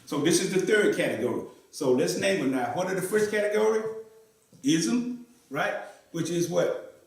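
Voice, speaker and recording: A man's voice: sits high, lively intonation, normal speed. A man teaching Arabic to a class in a mosque, often asking questions and repeating students' answers. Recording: echoey room, voice from far off.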